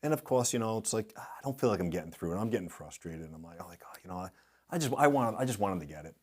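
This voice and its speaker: Animated middle-aged man telling stories. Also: low-pitched, rapid-fire. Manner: animated anecdotes, acts out quoted voices. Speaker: guest speaker, industry consultant. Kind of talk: storytelling in a podcast interview.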